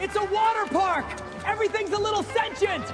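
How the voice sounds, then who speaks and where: A man's voice: very high-pitched, a little fast. A man voicing an overexcited male water park tour guide with showman announcer patter. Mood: hyped. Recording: music bed behind voice.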